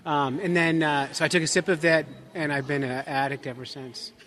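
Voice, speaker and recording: A man's voice: fairly high pitch, steady tone, fairly quick, a bit bright. Joking man telling stories in a car. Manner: joking, storytelling, teasing. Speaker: podcast co-host. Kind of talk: casual road trip chat. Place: inside a moving car.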